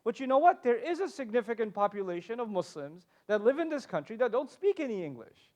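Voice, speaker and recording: A man with a fairly high voice gives a passionate talk as a panel speaker. He is animated and emphatic, and he drops in joking asides. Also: a little fast.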